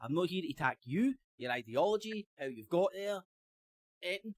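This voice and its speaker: A man's voice: high-pitched, lively intonation, a little fast, no room sound. Rambling Scottish man in a debate. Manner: rambling, self-correcting, swears, laughs often. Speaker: panelist. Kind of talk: casual live-stream debate.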